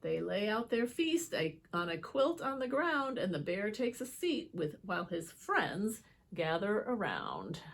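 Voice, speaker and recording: A woman reading picture books aloud to children, expressive, with chatty asides to her young viewers. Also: medium pitch, a little slow, creaky. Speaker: children's book reader. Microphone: holds book up to camera.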